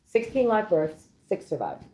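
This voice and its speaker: A woman's voice: fairly low pitch, wildly swooping pitch, moderate pace, warm tone, echoey room, a little hiss or hum. A woman co-hosting a podcast, chatting casually in a blunt, rambling way and leaning heavily on "like". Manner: blunt, rambling, heavy use of "like". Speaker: podcast co-host, comedian. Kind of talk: casual chat.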